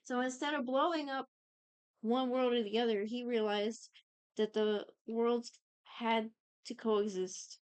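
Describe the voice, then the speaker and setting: A young female podcast co-host chats casually about a TV series, her recap rambling and profane, dotted with quick asides where she acts out characters' lines. Her voice is fairly high and smooth, with fairly even intonation and no room sound.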